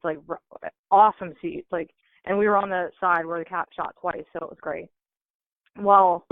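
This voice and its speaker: This caller's voice is fairly low, and there's no echo, though the phone line sounds tinny. She recounts a story in a relaxed, lively way, leaning heavily on filler words.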